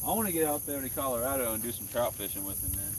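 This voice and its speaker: A man's voice: mid-range voice, expressive, very fast, far from the mic. A laid-back man talks easily beside the water at night, heard a little off the mic. Crickets and insects hum faintly behind him. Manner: easygoing, chatty, says man and bro a lot. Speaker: fishing livestream co-host. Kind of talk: casual chat on a fishing livestream.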